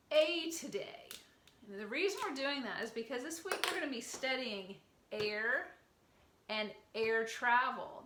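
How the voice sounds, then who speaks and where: A middle-aged woman leading a circle time lesson for young children, gentle and encouraging, praising each child by name. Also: on the high side. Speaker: preschool teacher. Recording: echoey room with faint ambient noise.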